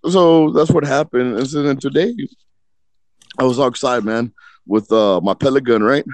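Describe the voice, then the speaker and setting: A man's voice: medium pitch, normal speed, no echo. A man casually telling a long, rambling story on a podcast, swearing often and acting out the voices of people in it. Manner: rambling, profane, acts out voices in his stories. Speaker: podcast co-host.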